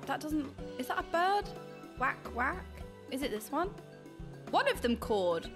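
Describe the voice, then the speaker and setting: A young adult woman streaming a game, excitably commenting and reading quest text aloud. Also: sits high, unhurried, music in the background. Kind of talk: live gameplay commentary.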